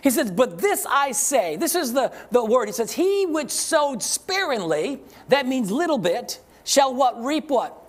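A man's voice: extremely high pitch, big pitch swings. Man preaching a call-and-response sermon. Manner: preaching, rhetorical questions to the congregation; emphatic, slows down to read scripture aloud. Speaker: pastor. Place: church service with congregation.

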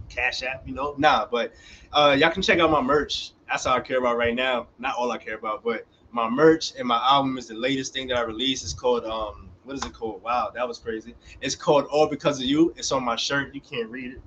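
A man's voice: medium pitch, lo-fi sound, slight background noise. A young man performing a dramatic spoken word poem that builds in intensity, then chatting casually about his work. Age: young adult. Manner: relaxed casual chat after the poem.

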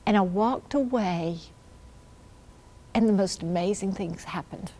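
A woman giving a personal faith testimony at church, telling her story earnestly and dropping to a hush when she quotes her prayers. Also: mid-range voice, measured pace, pauses often, slight background noise.

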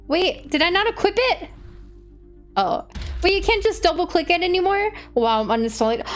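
A young woman streamer gushing over a game's new character looks, gasping and squealing with excitement, with music playing in the background. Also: very high voice, moderate pace. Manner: gushing, squealing, frequent gasps and shouts. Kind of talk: excited gaming stream chat.

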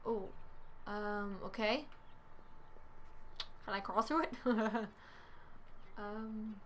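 A female gaming channel host gives let's-play commentary, chatty and giggly, often laughing and bursting into playful exclamations. Her voice is medium-pitched and a bit bright, she draws out her words, and there's slight hiss or hum.

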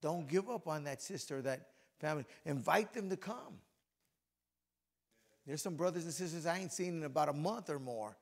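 A middle-aged man preaching to a men's breakfast with a voice worn hoarse from yelling, conversational and then fervent in prayer. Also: a little high, normal speed. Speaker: pastor.

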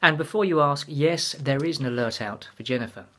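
A man reading aloud, voicing a dry, quietly angry abbot in a measured tone. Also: on the high side, voice pushed up.

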